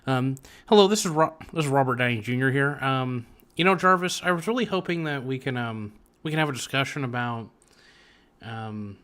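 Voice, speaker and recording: A man putting on a fast-talking male film star, rambling with lots of hesitations. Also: mid-range voice, expressive, fairly bright tone, natural voice. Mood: joking.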